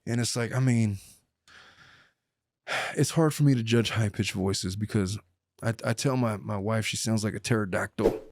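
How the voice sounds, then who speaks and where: A man's voice: on the low side, moderate pace, long pauses, dry recording. A middle-aged man hosting a podcast, chatting casually and telling jokey stories from his family and law work. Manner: joking, animated storyteller. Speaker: podcast host, lawyer.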